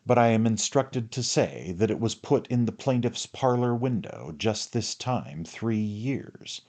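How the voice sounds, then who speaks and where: A man's voice: on the low side, animated, unhurried, darkish tone. A man voicing a pompous, theatrical older barrister who addresses a jury in grand, oratorical speech. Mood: pompous oratory.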